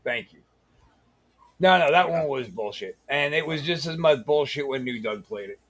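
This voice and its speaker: A man with a slightly raised pitch hosting a loose comedy show. He teases and swears freely, with a dry, sarcastic edge. His delivery stays conversational throughout. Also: expressive, moderate pace, a bit bright. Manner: sarcastic, profane, teasing. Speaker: host. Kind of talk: casual comedic chat.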